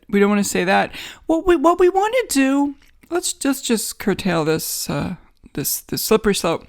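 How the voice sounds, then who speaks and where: A woman with a New York accent hosting a podcast, giving a wry, sarcastic, rambling comedic monologue from a home studio in a guest bedroom. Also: mid-range voice. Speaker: podcast host.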